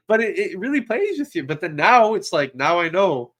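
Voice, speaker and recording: A young man co-hosting a casual podcast, telling a story with lively acted-out quotes. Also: fairly high pitch, normal speed. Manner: animated storyteller, acts out quotes. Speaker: podcast co-host. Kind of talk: casual chat.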